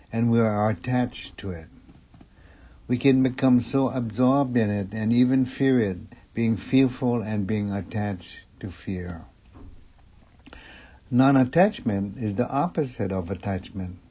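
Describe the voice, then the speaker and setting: A man giving a Dharma talk as a Buddhist minister, measured and calm. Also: medium pitch. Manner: slow, measured and calm delivery.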